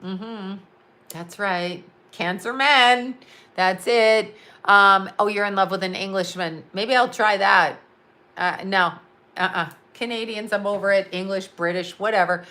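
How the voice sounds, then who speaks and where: Woman, live-stream chat, bright voice, rambling, blunt, laughs often. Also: mid-range voice, measured pace. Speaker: psychic and astrologer answering live chat.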